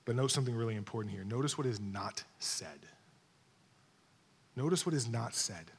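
A man's voice: mid-range voice, expressive, moderate pace, slightly rough. Emphatic preaching man in a reverberant hall. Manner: emphatic teaching, repeating key words, asking the room "okay?". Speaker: pastor. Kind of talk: sermon.

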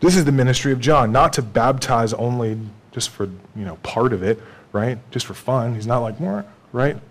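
A pastor with a mid-range voice, speaking at normal speed, delivers a conversational sermon. He acts out snippets of dialogue and shares laughs with the congregation.

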